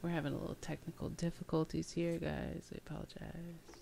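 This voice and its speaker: A young woman from Washington State joins a casual podcast chat as a guest. She tells her stories frankly and with plenty of energy. Her voice is notably deep for a woman. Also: fairly quick, gravelly, slightly rough. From Washington State, USA. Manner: animated, frank storytelling.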